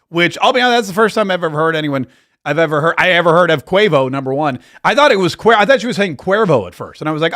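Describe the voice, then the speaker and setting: A man's voice: a little high, animated, quick pace, a bit bright. A man hosting a talk radio show, giving sarcastic, opinionated political commentary. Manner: sarcastic, mocking asides with laughs.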